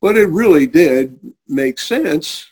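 A man's voice: fairly high pitch, slow pace, slightly rough. A middle-aged man, a guest on an interview show, earnestly telling a personal faith story and acting out the people he quotes. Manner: earnest, animated storyteller who acts out quoted voices.

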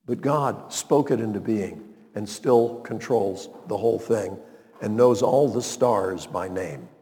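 A man's voice: fairly low pitch, slow pace, mellow, in a large hall. A man preaching a radio sermon as pastor, emphatic and asking the listeners rhetorical questions.

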